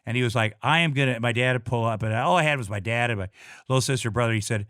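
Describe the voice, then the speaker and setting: Blunt, halting middle-aged man, dry sound. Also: mid-range voice, fairly bright tone, smooth, no room sound. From Iowa, USA. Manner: halting, full of restarts and repeated words; blunt, with frequent swearing. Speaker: guest. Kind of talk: personal storytelling in casual talk.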